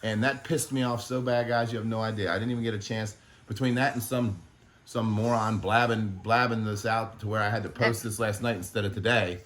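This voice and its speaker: A man who runs an animal sanctuary, speaking in an emotional vlog monologue, halting and frustrated, often swearing. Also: fairly low pitch, steady tone, fairly bright tone, slight background noise.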